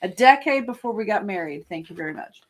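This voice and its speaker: A woman co-hosting a casual livestream, an enthusiastic stage actor chiming in with quick suggestions. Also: medium pitch, lively intonation.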